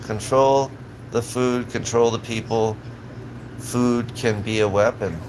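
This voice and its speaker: A man streams live, ranting in a profane, agitated voice. He rambles and restarts his sentences constantly, his pitch sitting in a plain middle range for a man. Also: fairly even intonation, takes it slowly, background noise. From Southern California.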